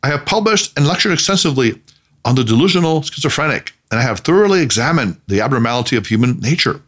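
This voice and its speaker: A man's voice: medium pitch, expressive, fast talker, natural voice. A man voicing a pompous, irritable male psychiatrist who thunders his own praises. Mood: boastful. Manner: thundering, self-important.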